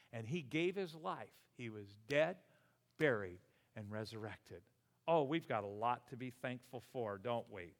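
Older guy pastor in his 60s preaching, animated, chuckles a lot, big echoey church hall. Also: medium pitch. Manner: animated, exclamatory, chuckles between points. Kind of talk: sermon. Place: church sanctuary. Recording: long hall reverb.

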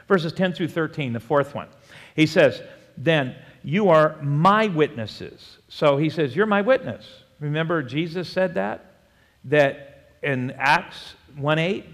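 A man preaching a sermon as pastor, animated, moving between quiet and loud and prompting the congregation to answer. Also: medium pitch. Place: church sanctuary. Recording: long hall reverb.

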